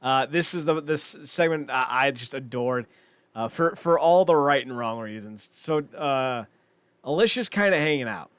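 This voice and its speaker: A young man co-hosting a podcast, chatting casually and excitably, rambling with lots of fillers and frequent laughs. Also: mid-range voice, moderate pace, clear, resonant tone, dry recording. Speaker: podcast co-host. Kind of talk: casual wrestling chat.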